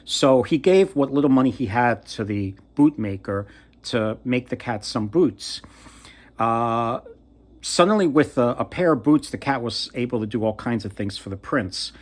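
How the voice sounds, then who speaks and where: A man casually retelling a fairy tale from memory, halting and often trailing off to restart. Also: mid-range voice, lively intonation. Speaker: storyteller.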